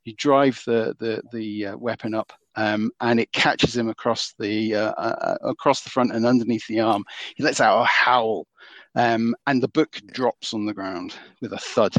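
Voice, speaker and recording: A man narrating as game master in a tabletop role-playing game, pausing often with ums and restarts. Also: lowish voice, steady tone, a bit bright, dry recording. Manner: halting, many ums and restarts.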